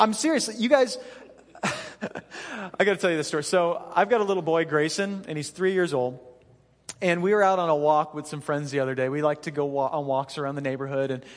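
A man in his thirties preaching a sermon as pastor, telling self-deprecating stories in an animated way that breaks into laughter. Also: fairly high pitch, in a large hall. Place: church stage.

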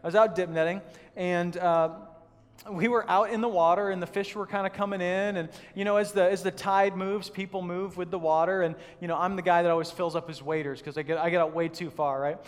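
High-voiced pastor preaching in a reverberant hall. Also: male voice, a little fast, smooth. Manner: conversational storytelling, animated and self-deprecating. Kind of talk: sermon. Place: church hall.

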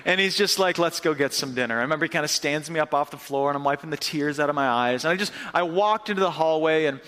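Bright high-voiced man preaching in a hall. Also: fast talker. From upstate New York. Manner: storytelling, lively and conversational. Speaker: pastor. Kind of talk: sermon. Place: church hall.

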